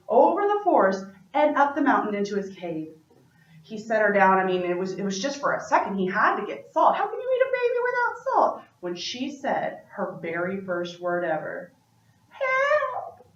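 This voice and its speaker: Playful woman storyteller with lively pitch. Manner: playful, chatty asides to listeners. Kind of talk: oral storytelling performance. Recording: roomy, distant, dull-sounding room recording.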